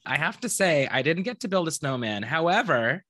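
Animated man co-hosting a podcast. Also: a little high, fairly quick, no echo, studio quality. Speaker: podcast co-host. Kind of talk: casual chat.

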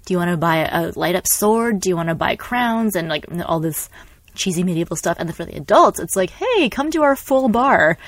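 Young woman on a podcast, lowish voice, dry close sound, acts out everything she quotes. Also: a little fast, no room sound. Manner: animated storyteller, acts out quotes, laughs often. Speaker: podcast co-host. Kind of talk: casual chat.

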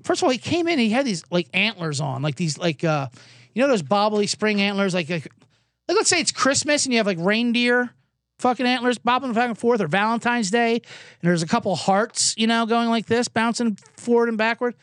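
A man's voice: very high voice, animated, a little fast, a bit bright, dry recording, clean studio sound. A man hosting a podcast, telling a rambling, self-deprecating comedic story while he recovers from a cough. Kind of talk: comedic casual monologue. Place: indoors, Los Angeles.

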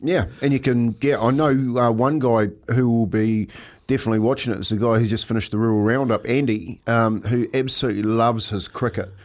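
A man's voice: mid-range voice, steady tone, fairly quick, few pauses, darkish tone. Laid-back New Zealand radio man. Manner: laid-back, rambling, teasing. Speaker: breakfast radio co-host. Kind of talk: casual radio banter. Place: radio studio.

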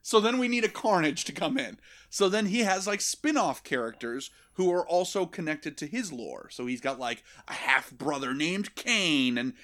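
Male podcast host, slightly high voice, animated and profane comic storyteller. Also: moderate pace. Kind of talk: casual comedic chat.

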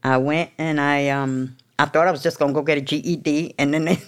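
In a candid storytelling interview, a middle-aged woman guest recounts her recovery in a blunt, profane, streetwise manner, laughing often. Her voice is deep and steady, and her delivery is brisk.

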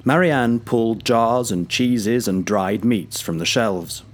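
Low, measured male narrator. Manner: measured, grave, vivid. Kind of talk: scripted story narration.

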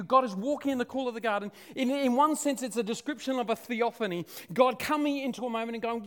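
A man preaching a sermon, swinging from loud declarations to hushed, dramatic near-whispers. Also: very high-pitched, a little fast, hardly any pauses.

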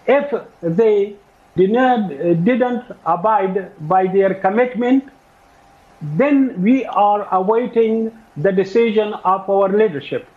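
Hesitant spokesman man on a phone line. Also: sits high. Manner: slow, hesitant with many uh fillers. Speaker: spokesman being interviewed.

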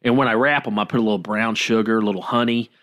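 A man co-hosting a podcast, telling a story in a relaxed way with many pauses and self-deprecating laughs. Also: on the low side. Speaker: podcast co-host. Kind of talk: casual chat.

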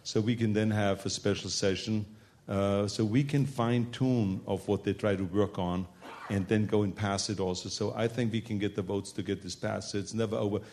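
A man's voice: on the low side, steady tone, normal speed, a little mellow. A man speaking as governor in a panel discussion, emphatic and repetitive, with frequent fillers.

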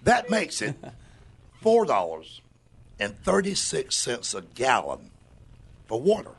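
A man's voice: mid-range voice, slow pace, creaky, breathy edge. An older man telling wry comic stories as a guest on a radio talk show, drawling and grumbling. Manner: drawling, wry, grumbling, lively with mock voices. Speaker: comedian guest. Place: radio studio.

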